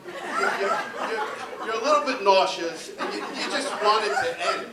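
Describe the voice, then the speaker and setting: A man in his fifties doing a stand-up set, halting and full of ums and repeated words, recorded in a club with audience laughter. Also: sits high, animated, very noisy. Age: 50s. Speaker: stand-up comedian. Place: comedy club stage. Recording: roomy club sound from a distance with loud crowd.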